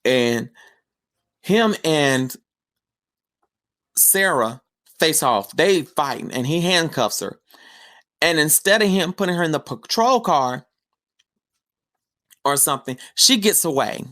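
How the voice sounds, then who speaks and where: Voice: medium pitch, animated, slow, long pauses, a bit bright. A podcast host giving a casual, chatty film review recap, telling the story with slangy asides.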